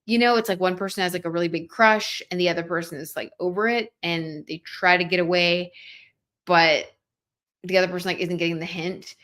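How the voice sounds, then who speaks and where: The tarot reader here is a young woman whose voice sits on the low side, steady and a bit bright, moving fairly quickly. While livestreaming her reading, she chats loosely, voices viewer comments, and leans heavily on "like."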